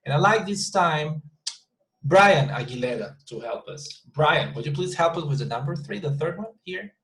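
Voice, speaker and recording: A man's voice: a little high, lively intonation, fairly bright tone, low-quality recording. Man teaching intonation. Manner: patient, repeats example sentences slowly with shifting stress. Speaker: English teacher. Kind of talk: online class teaching.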